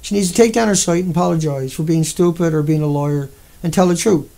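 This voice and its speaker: A man's voice: fairly high pitch, quick pace, gravelly, mellow. A man with a Newfoundland accent hosting a livestream, ranting in a heated, rambling and profane way. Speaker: livestream host. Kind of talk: angry livestream rant.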